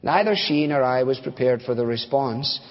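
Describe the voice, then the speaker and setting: An American man preaches a sermon in a folksy, conversational style, weaving in stories along with fillers and asides. His voice is mid-range at a moderate pace, captured in a dull recording with long hall reverb.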